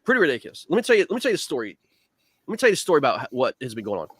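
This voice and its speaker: A man hosting a casual talk stream, animated and saying "man" a lot. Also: on the high side, rapid-fire, slightly rough, no echo. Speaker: host, league organizer. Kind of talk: casual chat.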